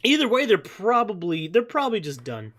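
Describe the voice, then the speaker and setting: A man's voice: high-pitched, big pitch swings, a little fast, a bit bright. A man streaming a game and chatting casually with viewers, rambling and often repeating words. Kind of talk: casual let's-play chat. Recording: game music behind.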